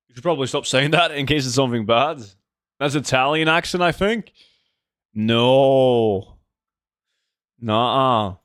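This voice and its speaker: A man's voice: mid-range voice, fairly bright tone, no room sound, clean studio sound. A man streaming a game, chatting and joking casually with his viewers and reading their messages aloud. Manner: rambling, joking, reads chat aloud. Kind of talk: casual livestream chat with viewers. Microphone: desk microphone.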